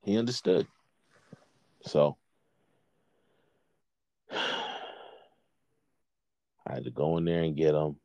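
A man in his thirties telling a story in a casual, profane, animated chat, worked up and blunt. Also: rumbling low, slow, vocal fry, pauses often, dry recording, dull audio.

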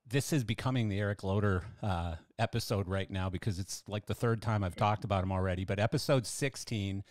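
A man's voice: lowish voice, dry recording, studio quality. An older man hosting a podcast, telling stories in a chatty, enthusiastic way with lots of fillers. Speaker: podcast host. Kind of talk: casual podcast monologue.

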